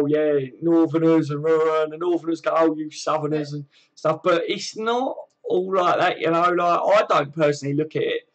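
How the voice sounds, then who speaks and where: Brief: southern English male host, slightly higher pitch, easygoing matey banter on a live stream. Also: a bit bright. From southern England. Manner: chatty, matey banter with frequent fillers. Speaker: channel host reading live chat. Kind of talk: casual live-stream chat.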